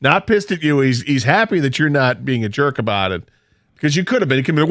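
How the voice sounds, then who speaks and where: A man's voice: medium pitch, expressive, fast talker, a bit bright, no echo, clean studio sound. A man co-hosting a radio show, retelling a story with emphatic quoted asides. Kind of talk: casual sports radio chat. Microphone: studio microphone.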